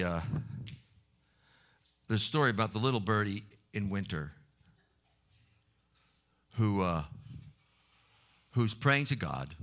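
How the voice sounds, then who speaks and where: A man's voice: a little high, bright, forceful tone. A man preaching a sermon, telling stories with restarts and short laughs.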